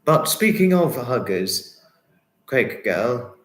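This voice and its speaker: A man hosting a livestream, chatting warmly with viewers and reading their comments, effusive and sympathetic, often repeating himself. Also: medium pitch, sing-song, slow pace. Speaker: livestream host. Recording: roomy echo.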